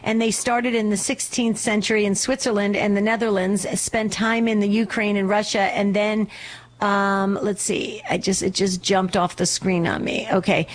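A woman's voice: medium pitch, level tone, moderate pace, slight background noise. A woman co-hosting a call-in religious radio show, giving reassuring, encouraging counsel to callers.

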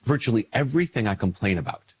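A male priest with a somewhat low, slightly husky voice, stuffed up with a cold. He talks in a relaxed, conversational way and acts out small everyday exchanges. His tone stays personal and unhurried. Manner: conversational, acts out little dialogues with lifted pitch. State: congested with a cold. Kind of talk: casual spoken reflection to camera.

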